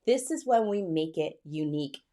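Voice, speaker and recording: A woman fertility coach talking straight to camera in a chatty, excited and personal way, calling her viewers girl and sis. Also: low voice, moderate pace. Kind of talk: direct-to-camera coaching talk.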